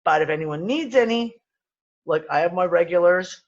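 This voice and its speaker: A man's voice: high-pitched, normal speed, highs cut off. A man with a West Midlands English accent, co-hosting a casual chat, rambling and swearing freely with many restarts. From England. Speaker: podcast co-host.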